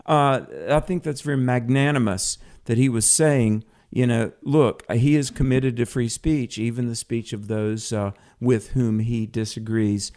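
A man's voice: medium pitch, steady tone, a little slow, few pauses, darkish tone. A man hosting a live Christian radio talk show from a home studio, upbeat and chatty, with many fillers and restarts. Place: home studio with a cat nearby.

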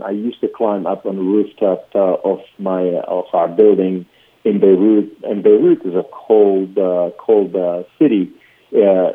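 A Lebanese-accented man with a very low voice tells his story, earnest and halting, with frequent fillers. He is heard over a narrow, tinny phone line. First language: Arabic. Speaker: guest preacher. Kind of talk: personal testimony.

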